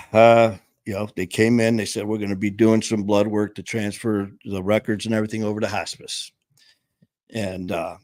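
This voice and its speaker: A man telling his own story in a conversational, emphatic way, with some rough language. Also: lowish voice, no room sound, clean studio sound. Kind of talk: personal storytelling.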